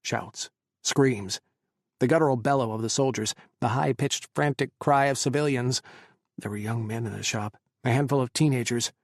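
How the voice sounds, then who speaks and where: A man reading an audiobook in measured, dramatic storytelling narration. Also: medium pitch, no echo, clean studio sound.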